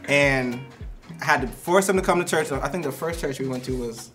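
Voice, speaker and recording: A man's voice: mid-range voice, a little fast, faint music behind. A young man, a ministry co-founder, telling candid stories in a casual conversation. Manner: candid, animated storytelling with frequent laughs.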